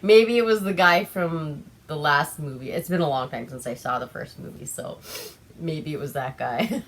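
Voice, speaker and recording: A woman's voice: low-pitched, moderate pace, a little hiss or hum. A young woman from Alaska hosting a casual movie recap, chatty and giggly with lots of fillers, a little tipsy on wine. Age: young adult. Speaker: vlog host.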